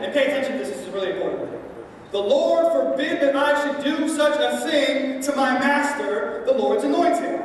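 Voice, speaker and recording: A high-voiced woman preaches to a congregation, recounting a story with casual, playful asides. She is heard from a distance in a big, echoing church hall with a long reverb tail. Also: a little hiss or hum. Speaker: pastor. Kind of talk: sermon. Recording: echoey hall from far off.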